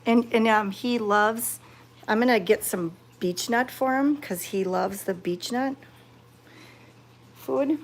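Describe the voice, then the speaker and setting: A woman chatting to her viewers while petting cats, excited and fond, cooing softly to the animals. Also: fairly high pitch, slow, long pauses, slight background noise. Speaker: cat sanctuary vlogger.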